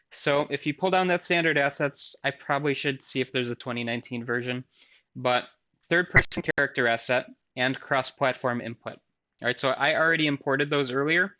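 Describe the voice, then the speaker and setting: A man's voice: medium pitch, pushed and bright. Casual, self-deprecating male lecturer. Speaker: university lecturer. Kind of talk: recorded lecture with live software demo.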